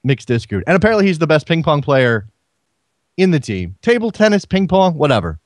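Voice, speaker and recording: A man's voice: a little high, sing-song, brisk, no echo. Chatty male radio host, dry studio sound. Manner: chatty, repeats words while thinking aloud. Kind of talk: casual call-in radio commentary.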